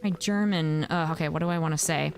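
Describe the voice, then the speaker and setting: A woman's voice: deep voice, fast, creaky, slight background noise. A young woman chatting casually on a gameplay stream, rambling and answering her chat, with faint music behind her.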